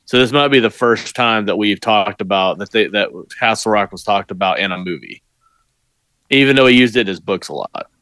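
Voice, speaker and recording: A man's voice: on the low side, lively intonation, fairly quick, fairly bright tone, dry recording. A man co-hosting a podcast, chiming in with agreement and bits of movie trivia in a casual way. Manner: adds trivia, affirming, with fillers. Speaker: podcast co-host.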